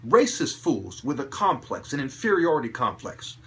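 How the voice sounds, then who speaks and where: A man delivering an agitated, profane monologue to camera, repeating and restarting phrases between sudden loud outbursts. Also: mid-range voice, very animated, normal speed. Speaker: vlogger.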